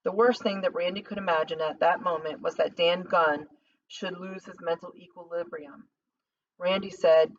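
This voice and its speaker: A woman narrating a novel as an audiobook, in a measured, dramatic reading. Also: on the low side, fairly even intonation, a little hiss or hum. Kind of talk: scripted narration. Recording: slightly distant dull lo-fi recording.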